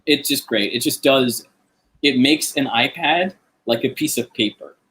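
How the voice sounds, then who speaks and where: A man's voice: medium pitch, a little slow, fairly bright tone, rough recording. A man in a casual comedy chat on a video call, rambling and awkward with many fillers. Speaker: comedy guest performer.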